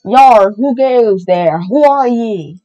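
Foxy, someone doing a gruff pirate fox. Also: medium pitch, lively intonation, mellow. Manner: pirate talk, slow and guarded. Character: gruff pirate fox animatronic, male, suspicious. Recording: slightly muffled with faint music.

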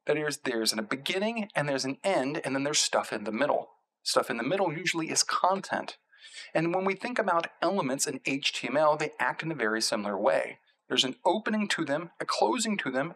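A man in middle age, voice at a typical pitch, explaining code step by step in a screencast lesson. He works slowly through each term and says the key words again as he points at the screen. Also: a bit bright, rough recording. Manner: methodical, repeats terms while pointing at code. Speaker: instructor. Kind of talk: screencast tutorial.

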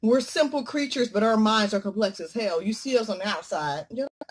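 A woman vlogger talking casually while she eats, joking and swinging from loud exclamations to low murmurs. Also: moderate pace, few pauses, noisy background. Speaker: mukbang vlogger. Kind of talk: casual chat while eating.

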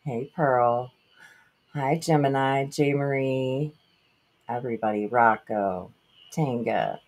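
A woman hosting a livestream, excited, giggly and out of breath as she greets her chat. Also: rumbling low, slow. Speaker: livestream host.

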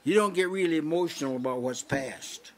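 Guy preaching at a little house church, kinda high voice, chatty teaching style, keeps saying see. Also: brisk, a little hiss or hum. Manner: conversational teaching, frequent "see?" asides and restarts. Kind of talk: sermon. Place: small house church meeting.

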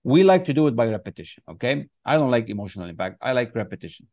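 A man's voice: mid-range voice, big pitch swings, fast, darkish tone, no room sound. Emphatic man coaching with affirmations. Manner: emphatic and repetitive, chanting affirmations. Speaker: success coach. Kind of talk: motivational teaching. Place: online class, writing on screen with a mouse.

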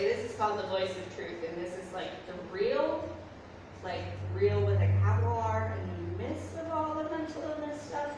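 A woman performing spoken-word poetry in an art gallery, reading her poems and chatting casually between them with lots of "like" and "um.". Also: mid-range voice. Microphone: far from the recording mic. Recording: echoey noisy room from far off.

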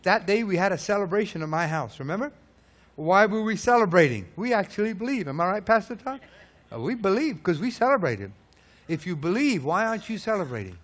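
High-voiced man preaching emphatically. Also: sing-song, fairly quick. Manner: emphatic, hammering rhetorical questions; swings between loud peaks and low hushed lines. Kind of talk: sermon.

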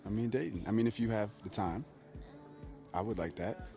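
An actor playing a laid-back young male basketball player in a video game cutscene, relaxed and a bit awkward. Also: on the low side, normal speed, creaky. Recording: music playing behind.

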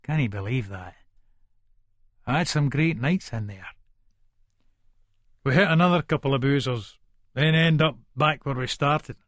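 A man's voice: mid-range voice, unhurried, pauses often, a bit bright, no room sound, clean studio sound, lightly acted. An actor with an Edinburgh Scots accent narrating as a volatile, foul-mouthed Leith man in middle age, in a full-cast audiobook. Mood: menacing. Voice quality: coarse, swearing, menacing. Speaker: first-person narrator.

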